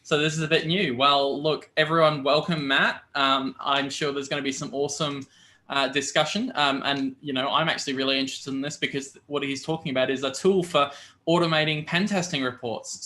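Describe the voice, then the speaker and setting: Male con host on a video call, bright tone, a bit high, chatty and loose. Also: fairly quick. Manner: relaxed, chatty, loose fillers. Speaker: conference host. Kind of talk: casual livestream chat.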